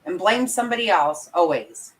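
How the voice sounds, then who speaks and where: Her voice fairly low and animated at a moderate pace, a woman true crime commentator delivers heated, profane livestream commentary through poor audio. She rants emphatically at her viewers and says sorry for the outbursts.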